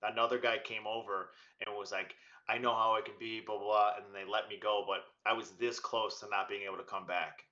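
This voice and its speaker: Guy ranting a story on a group call, bright edgy voice, kinda muffled lo-fi audio. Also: on the low side, a little fast, hardly any pauses. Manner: animated, swears freely, acts out quoted voices. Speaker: community member on a morning call.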